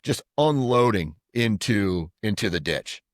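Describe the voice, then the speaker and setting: A man's voice: on the low side, animated, a little slow, no echo, studio quality. A middle-aged man co-hosting a podcast, telling stories in casual chat with many restarts. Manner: rambling storyteller with restarts. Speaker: podcast co-host.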